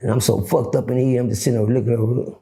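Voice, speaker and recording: A middle-aged man telling a story casually, profane and animated, acting out the dialogue. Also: mid-range voice, racing, gravelly, slight background noise. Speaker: guest storyteller.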